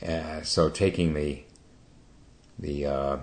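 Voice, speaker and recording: A man giving a Zen dharma talk as teacher, halting, with many hesitations and restarts. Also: very deep voice, flat delivery.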